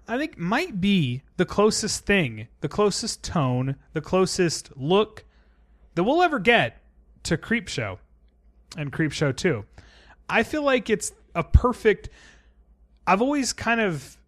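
A young adult man co-hosting a podcast, talking about films in a casual, animated, opinionated way. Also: high-pitched, unhurried. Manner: animated, profane, opinionated film enthusiast. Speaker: podcast co-host. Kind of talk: casual chat.

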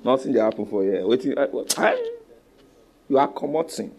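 Lively Nigerian preacher, commanding. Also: male voice, a little fast. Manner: animated, commanding, swings between loud exhortation and low asides; drops into pidgin asides and call-and-response with the congregation. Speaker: pastor. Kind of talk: sermon.

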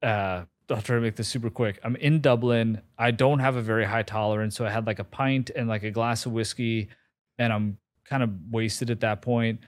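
Recorded dry in a clean studio, a forties-aged man guesting on a podcast recounts a story with candor, swearing offhandedly, poking fun at himself and often restarting with plenty of fillers. His medium-pitched voice moves at a moderate pace with fairly even intonation.

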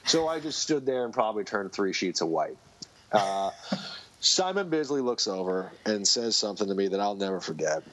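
With a fairly low, somewhat bright voice and big pitch swings, this guest speaks at normal speed. A comic book writer on a podcast, he rambles through casual stories and frequently restarts his sentences; the recording is dull and lo-fi.

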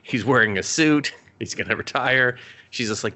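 A man co-hosting a podcast, recapping a show in casual chat, swearing a lot and rambling with animated asides. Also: medium pitch, normal speed. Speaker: podcast co-host.

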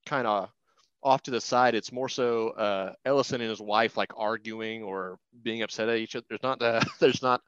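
A man's voice: lowish voice, fairly even intonation, normal speed, fairly bright tone, clear, resonant tone, dry recording, dull audio. A man co-hosting a casual movie chat, chiming in with laughing, jokey asides. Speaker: podcast co-host.

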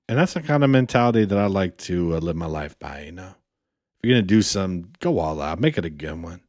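Brief: deep, dry-sounding male podcast co-host, easygoing, says "dude" a lot. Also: a little fast, dry recording. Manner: laid-back, peppers speech with "man" and "dude". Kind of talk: casual podcast banter.

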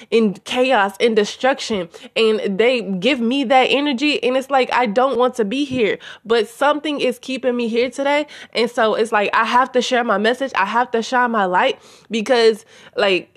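Woman, solo spiritual podcast host; slightly high voice, earnest and heartfelt, chatty with listeners. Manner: earnest, emotional, addresses listeners as y'all. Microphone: home audio recording.

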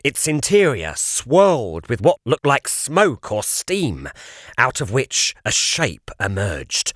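This is a man reading a children's audiobook aloud, unhurried and deliberate, letting his pitch rise and fall freely as the tale unfolds. His delivery is measured and expressive, and the audio is close and dry with no room sound.

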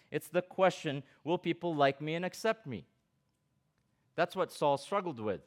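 A middle-aged pastor preaching to students at a youth camp, reading scripture aloud and breaking in with his own comments and questions. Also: medium pitch. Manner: asks the listeners direct questions.

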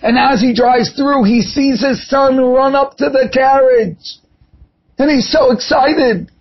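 A man's voice: very high-pitched, highs cut off. A man giving an impassioned sermon, telling a parable as a preacher. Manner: impassioned storytelling.

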